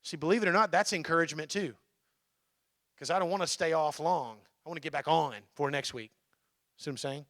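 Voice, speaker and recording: A man's voice: fairly high pitch, brisk, a bit bright, no room sound, clean studio sound. A male pastor giving a conversational sermon in church, often checking in with his listeners.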